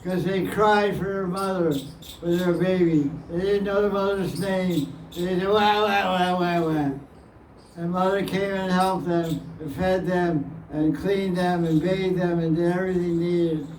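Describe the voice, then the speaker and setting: A man with a high voice teaches slowly, repeating his phrases and chuckling as he answers devotees' questions. He sounds set back from the mic in an echoey room with a faint hiss behind him. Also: a little mellow, distant mic. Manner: plain-spoken, repeats phrases, chuckles often. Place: indoor gathering room.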